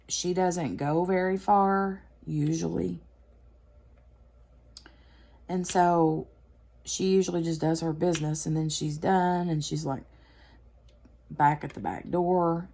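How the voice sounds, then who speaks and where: Woman host, relaxed craft-chat tone, unhurried, rambling storyteller. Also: low-pitched. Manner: rambling storyteller, many fillers and restarts. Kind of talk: casual chat while crafting.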